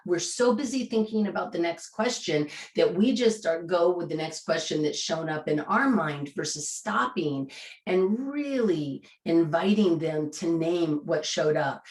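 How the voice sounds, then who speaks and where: Woman coach teaching a workshop, chatty and lively, lowish voice, echoey room. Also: unhurried. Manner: animated, conversational, acts out client questions. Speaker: coaching trainer. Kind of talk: live online coaching workshop.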